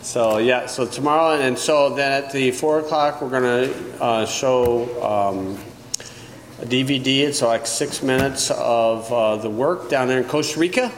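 A man, the pastor, giving relaxed, joking announcements before the sermon in a church. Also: mid-range voice, unhurried. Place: church sanctuary. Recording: echoey church hall, clear room noise.

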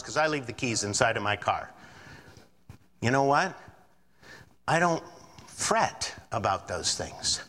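Animated preaching man in a reverberant hall. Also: mid-range voice. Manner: animated preaching, acts out quoted doubters. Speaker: pastor. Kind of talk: sermon.

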